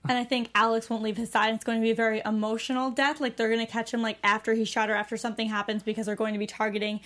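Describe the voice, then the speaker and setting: Animated woman panelist, bright-voiced. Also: fairly high pitch, racing. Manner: animated, breaks into playful impressions. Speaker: panelist on a TV after-show. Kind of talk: casual chat.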